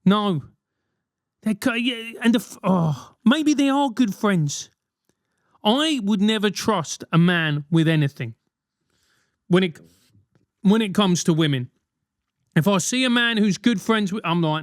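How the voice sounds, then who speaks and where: A man's voice: sits high, lively intonation, unhurried, pauses often, no room sound, studio quality. Man ranting on a comedy podcast. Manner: rambling, profane, comic ranting. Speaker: podcast host. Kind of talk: solo comedic advice podcast.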